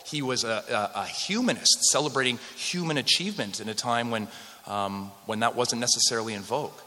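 Speaking briskly in a pushed, bright voice of medium pitch, this Western Canadian man gives a chatty history talk before a live crowd and jokes with them as he goes. Long reverb from the hall fills the recording.

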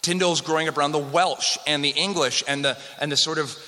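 A man's voice: on the high side, fairly even intonation, quick pace, sharp tone. Joking man lecturing in a hall. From Western Canada. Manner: conversational, joking with the audience. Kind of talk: live history lecture with slides. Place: hall with a live audience. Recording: long hall reverb.

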